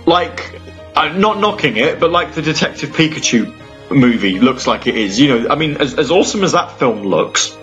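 A man's voice: mid-range voice, unhurried. Brief: young male radio host, rambling solo chat, slightly dull lo-fi sound. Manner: rambling, full of restarts and sighs, animated bursts. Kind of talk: casual solo radio talk between music. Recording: slightly dull lo-fi audio with faint music.

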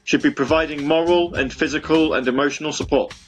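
A man's voice: a little high, steady tone, fast, soft background music. Rambling man hosting online radio. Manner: rambling and self-mocking, full of fillers and restarts. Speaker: online radio show host. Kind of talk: casual chat with listeners between songs. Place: home room.

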